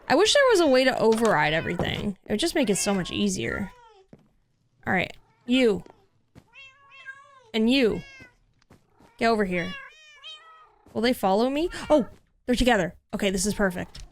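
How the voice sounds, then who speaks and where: A woman streaming a video game in casual chat, cooing over cute cats and lapsing into soft baby talk to her pet. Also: medium pitch, sing-song, normal speed, pauses often, slight background noise. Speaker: livestreamer. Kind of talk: casual gameplay livestream chat.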